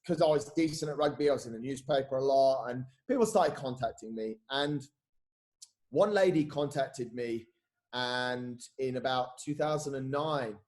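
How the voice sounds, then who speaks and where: A man, a podcast guest and coach telling stories in casual, animated chat, swearing and saying "mate" a lot. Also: medium pitch, normal speed.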